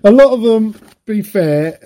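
Rambling man, mellow higher voice. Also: lively intonation, unhurried. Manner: rambling, anecdotal, laughs often. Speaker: podcast co-host. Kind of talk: casual film chat.

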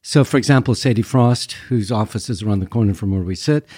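A man's voice: lowish voice, fast talker, a little mellow, slightly rough, no room sound, studio quality. A Canadian man with a wry, self-deprecating manner, a guest chatting casually about his work in an interview. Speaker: guest, film festival founder.

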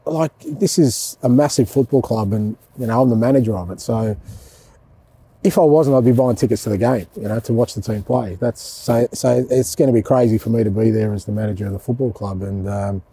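A man's voice: medium pitch, fairly quick, warm tone, husky. A middle-aged Australian man, a football manager, chatting casually and animatedly, often calling people mate. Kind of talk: casual chat.

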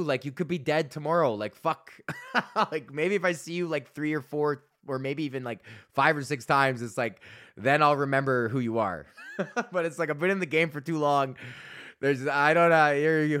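A man's voice: medium pitch, a bit bright. A man in his thirties from Alberta, a comedian hosting his own show, rambling through a profane story and laughing at his own jokes. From Alberta, Canada. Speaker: podcast host and stand-up comedian. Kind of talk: casual storytelling monologue.

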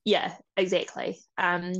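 A woman's voice: fairly low pitch, takes it slowly, creaky, no room sound. Chatty New woman telling a story. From New Zealand. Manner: animated, laughs often, quotes others in lively voices. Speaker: podcast guest. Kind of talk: casual storytelling interview.

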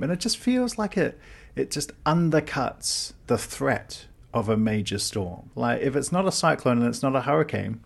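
A man's voice: a little high, animated, normal speed, vocal fry. A man from the Pacific region, a guest comedian telling a mock-outraged story in casual podcast chat.

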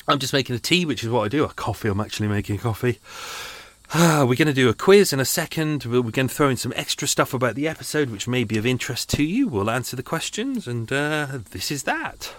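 Speaking in a sing-song, medium-pitched voice at a brisk pace, a man hosts a podcast from a small home room on a boat. He chats casually and rambles, adding self-mocking asides, with no room sound on the recording.

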